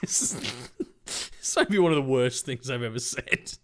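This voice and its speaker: A man's voice: medium pitch, lively intonation, moderate pace. A man reading fanfiction aloud, breaking off into sarcastic, incredulous, swearing commentary.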